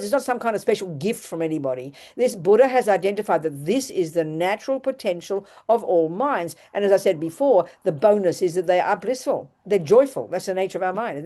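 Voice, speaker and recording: An older woman with an Australian accent, a Buddhist nun giving an animated, emphatic dharma talk, often restarting and repeating her phrases. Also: mid-range voice.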